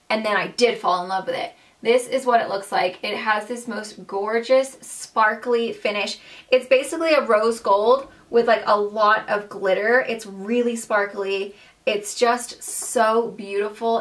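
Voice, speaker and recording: A woman's voice: medium pitch, fairly bright tone, distant mic. Young female beauty vlogger, bubbly and gushing, mid-range voice, mic set a little back from her. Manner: gushing, bubbly, many "like" and "um" fillers. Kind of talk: casual monthly favorites chat.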